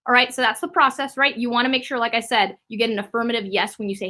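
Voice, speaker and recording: Woman sales trainer, bright tense voice, coaching tone, steady okay check-ins. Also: on the high side, quick pace, hardly any pauses. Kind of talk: training video walking through a sales script.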